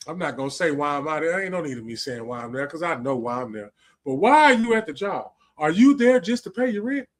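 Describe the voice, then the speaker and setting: A man's voice: fairly high pitch, big pitch swings, a little fast. A man, hosting a livestream and giving a casual, preachy monologue full of slang, profanity and repetition. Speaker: livestream host.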